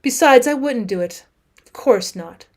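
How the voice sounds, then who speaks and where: A woman's voice: a little high, lively intonation, measured pace. Woman dramatically reading a classic story. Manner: dramatic, with wide swings between hushed and raised passages. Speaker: teacher reading aloud.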